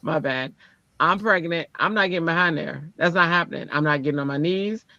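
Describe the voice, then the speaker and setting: A woman tells a story in casual chat, animated and lively. She slips into the voices of the people she quotes with sudden jumps in pitch. The sound is dry and a bit dull, like a lo-fi stream mic. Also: a little fast, no echo. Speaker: teacher.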